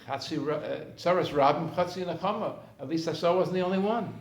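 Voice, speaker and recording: A man's voice: on the high side, quick pace. A man, a therapist, giving a conversational storytelling talk to a group. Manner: anecdotal, conversational, acts out scenes. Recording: roomy room with faint background noise.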